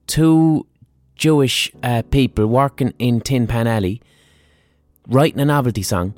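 A man's voice: medium pitch, darkish tone. A man with an Irish accent hosting a casual history podcast, talking bluntly with swearing, ums and asides. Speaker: podcast host.

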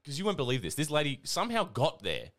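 A man's voice: fairly high pitch, wildly swooping pitch, fast talker, fairly bright tone. A man co-hosting a podcast, telling a rambling story through bursts of laughter in casual chat.

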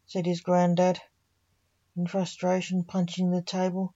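A woman reading a dark fantasy story aloud as a storyteller, keeping an even reading manner with little change between the characters. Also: lowish voice, unhurried, dull audio. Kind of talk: scripted story narration.

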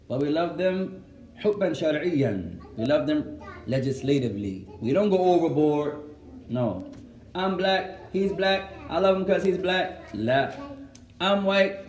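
Man, religious teacher, high voice, animated, quizzes the class, roomy echo. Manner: animated, switches between Arabic and English, asks the class questions. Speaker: Islamic teacher. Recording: echoey room.

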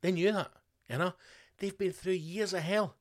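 A man's voice: high voice, steady tone, normal speed. A Scottish man hosting a solo podcast, ranting casually with plenty of swearing. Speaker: podcast host.

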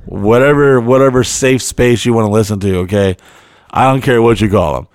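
A young man telling a crude, profane story on a podcast in a blunt, animated way. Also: mid-range voice, normal speed, no echo, clean studio sound. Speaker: podcast host.

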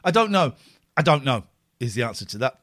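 A man hosting a live call-in show, rambling and jokey in quick bursts. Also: medium pitch, big pitch swings, a bit bright. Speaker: show host. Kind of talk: casual live show chat.

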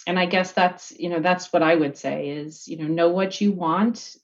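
A woman's voice: on the low side, fairly even intonation, moderate pace, dull audio. A middle-aged woman giving a candid, reflective interview answer, full of fillers and restarts. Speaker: guest executive.

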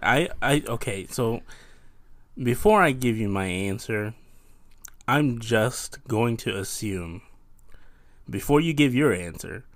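Podcast co-host, man, teasing banter, mid pitch, lively, dry room. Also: slow, long pauses, dry recording. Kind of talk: casual chat.

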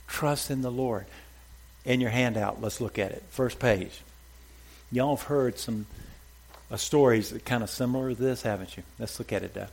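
A man's voice: mid-range voice, vocal fry, a little mellow. A man preaching a sermon as pastor to a congregation, emphatic and repeating short exhortations. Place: church before a congregation.

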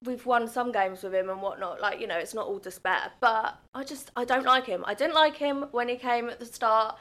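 A woman chatting casually about football, animated and quoting people in voices. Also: on the high side, normal speed. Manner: animated, quotes her dad in voices.

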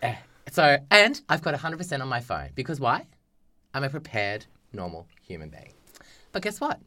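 A man's voice: medium pitch, huge pitch swings, moderate pace, pushed and bright. A young man on a podcast, telling a travel story in an exasperated, profane rant and acting out the people in it. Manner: profane, exasperated, acts out quotes. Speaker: podcast co-host. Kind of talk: casual ranting storytelling.

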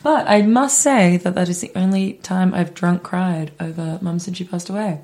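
A woman with a low-pitched voice talks candidly on a podcast. She tells personal stories in a loose, chatty way and swears freely. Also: moderate pace, darkish tone. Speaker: podcast co-host. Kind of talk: casual chat.

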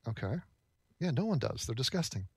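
A man's voice: medium pitch, very animated, fairly quick, creaky, faint music behind. A man reacting to videos with sarcastic, incredulous quips in casual commentary.

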